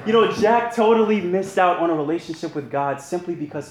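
A man's voice: high-pitched, expressive, brisk, hardly any pauses, roomy sound, a crowd in the background. A man leading a men's Bible study, preaching earnestly in a conversational way and asking his listeners to respond. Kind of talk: sermon.

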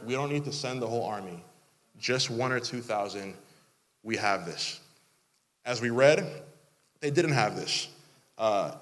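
A man in his thirties preaching a sermon, animated, with mock-complaining asides. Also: medium pitch. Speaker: pastor. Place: church hall. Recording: long hall reverb.

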